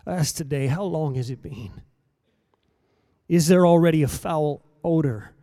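High-voiced preacher man, dry and close. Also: measured pace, dry recording. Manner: dramatic, swinging between soft and loud emphasis. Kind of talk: sermon.

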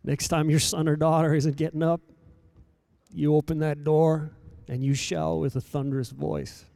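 A man preaching a sermon in a rhythmic, repetitive cadence, swinging between hushed lines and loud emphatic calls. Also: a little high, little pitch movement, normal speed, vocal fry, dry recording.

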